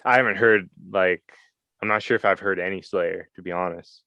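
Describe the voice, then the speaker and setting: Laid-back podcast host guy, really deep smooth voice, dry close sound. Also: fairly even intonation, brisk, pushed and bright, no echo, dull audio. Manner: laid-back, mostly brief agreements. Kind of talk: casual conversation.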